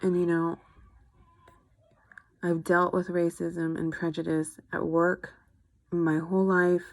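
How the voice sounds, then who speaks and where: Young woman vlogger, earnest and upset, slight fry, dry close sound. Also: fairly low pitch, little pitch movement, slow pace, no echo. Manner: earnest, frustrated, speaking from personal experience. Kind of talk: personal video update.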